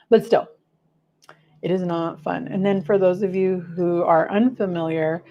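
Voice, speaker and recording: A woman hosting a casual livestream, chatting warmly with viewers, gushing and trailing off with many fillers. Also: on the low side, slow pace, pauses often, dull audio. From United States. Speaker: livestream host.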